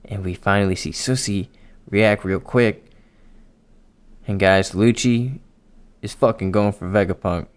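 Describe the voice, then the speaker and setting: A man doing a casual, excitable manga chapter readthrough for his viewers, swearing often and talking straight to them. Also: lowish voice, a little slow, long pauses, clean tone. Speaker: anime and manga YouTuber.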